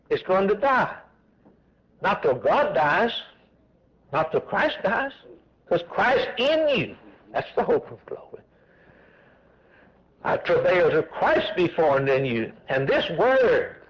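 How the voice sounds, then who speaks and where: A man preaching a sermon in a lively, swooping voice that sits a little high. He drives his points home with repeated phrases and answers his own questions. The sound is dull and lo-fi, like an old radio broadcast. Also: slow pace, pauses often. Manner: emphatic, repetitive preaching cadence.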